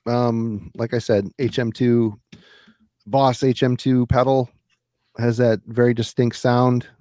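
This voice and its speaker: A man's voice: mid-range voice, little pitch movement, takes it slowly, mellow, dry recording. A man co-hosts a podcast in a laid-back, casual chat. He keeps his remarks short and laughs often. The voice is dry and close to the mic. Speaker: podcast co-host.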